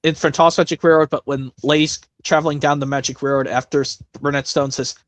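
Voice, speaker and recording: A man hosting a casual impressions stream, rambling with restarts and quick bursts of talk. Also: on the high side, steady tone, dry recording. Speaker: stream host doing voice impressions.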